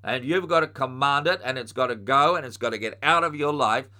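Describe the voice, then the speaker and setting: Middle-aged guy preaching, bright clear tone, earnest, gets commanding. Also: medium pitch, a little fast. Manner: earnest teaching, rises to forceful commands. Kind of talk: sermon.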